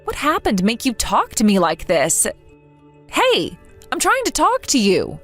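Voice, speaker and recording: A woman reading as a bewildered young woman pleading with a friend who turned on her, in a text-message story. She sounds earnest and hurt, with a fairly high voice that swings widely in pitch. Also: wildly swooping pitch, measured pace, fairly bright tone, faint music behind, full character voice. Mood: confused.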